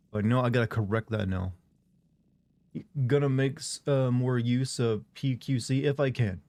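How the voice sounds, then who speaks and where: A man's voice: medium pitch, darkish tone, no room sound. A man streaming a game, chatting casually and rambling as he reads and answers chat messages.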